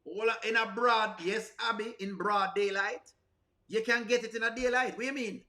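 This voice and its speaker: A man's voice: high-pitched, fairly even intonation, normal speed, pushed and bright. A Jamaican man giving playful, teasing reaction commentary, now and then breaking into song. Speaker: reaction video host.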